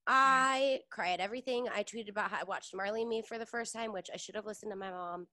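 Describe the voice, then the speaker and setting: A woman's voice: medium pitch, quick pace, sharp tone, no room sound. A woman co-hosting a podcast in casual chat, gushing and swearing freely. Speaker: podcast co-host.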